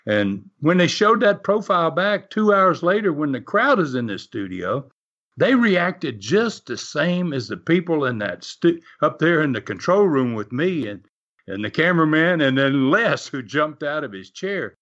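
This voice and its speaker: Man, wrestling promoter recalling old stories, chuckling, voicing the people he quotes, lively pitch; dull lo-fi audio. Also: a little slow. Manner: animated, chuckles often, acts out quotes. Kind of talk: storytelling anecdote. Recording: dull lo-fi recording.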